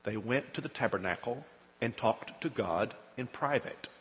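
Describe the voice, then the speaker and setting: A male preacher delivering a sermon in a big hall, his voice trailing off into a long reverb. He talks the listener through a scripture story, dropping low for asides and climbing loud when he acts out the people in it. His pitch sits in an ordinary middle range. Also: lively intonation, moderate pace. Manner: dramatic retelling, acts out quoted speech with rising loudness.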